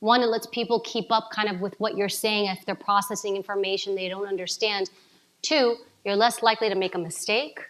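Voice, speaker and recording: A woman from New giving an energetic coaching talk to a live audience, asking them questions. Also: medium pitch, brisk. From New York City. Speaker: speaker at a summit.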